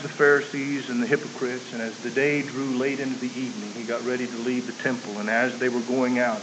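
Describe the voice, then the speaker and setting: A man preaching a sermon, emphatic, moving between loud declaiming and quiet earnest appeals. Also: mid-range voice. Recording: muffled, hissy recording.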